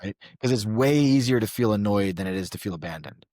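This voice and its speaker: A man's voice: fairly low pitch, lively intonation, fast, a little mellow, dry recording, studio quality. A man working as a men's coach, a guest on a podcast, explaining things in an earnest way with repeated checks like "right?". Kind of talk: casual podcast conversation.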